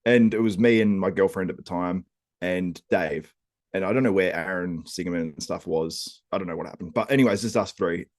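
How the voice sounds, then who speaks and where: A young man telling a lively story on a casual podcast, laughing often. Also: deep voice, fairly quick, dry recording, studio quality. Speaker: podcast host.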